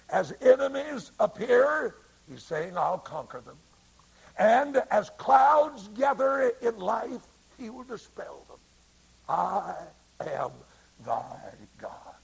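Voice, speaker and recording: A man preaching a sermon, slow and dramatic, swinging between hushed lines and loud ones. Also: sits high, animated, vocal fry, husky.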